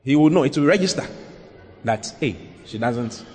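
A man's voice: mid-range voice, lively intonation, normal speed, darkish tone. A male pastor giving earnest, emphatic counsel during a sermon Q&A, often repeating his points. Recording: long reverb in a large hall.

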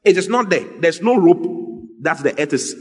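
A man preaching an animated, lively sermon as a pastor, joking with his congregation. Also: a little high, normal speed. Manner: animated, exclaiming, jokes with the congregation. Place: church hall. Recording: long hall reverb, faint music.

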